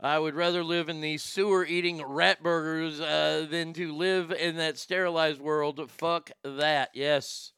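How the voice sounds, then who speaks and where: Blunt guy hosting a talk show, gravelly and sharp, dry sound. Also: on the high side, fairly even intonation, measured pace, few pauses, dry recording. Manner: blunt, swears freely, rambling. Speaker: show host.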